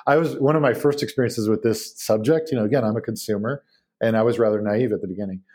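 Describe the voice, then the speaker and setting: A man talks casually as a podcast guest and slips easily into animated anecdotes. His voice sits low and warm, with a slightly husky edge. He speaks in loose runs broken by fillers and restarts. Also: fast talker. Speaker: guest expert on beef.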